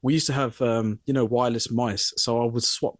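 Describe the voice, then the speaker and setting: A man's voice: medium pitch, fairly quick, dry recording, studio quality. A young man co-hosting a podcast, casually telling a funny work story and acting out the people in it. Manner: animated storyteller, mimics voices in quotes. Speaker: podcast co-host.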